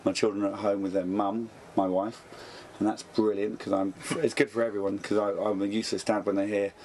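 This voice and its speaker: A man in his thirties, a comedian guest in an interview, talking in a dry, deadpan, jokey way. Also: on the low side, brisk, a little hiss or hum. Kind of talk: casual interview chat. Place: backstage dressing room at a festival.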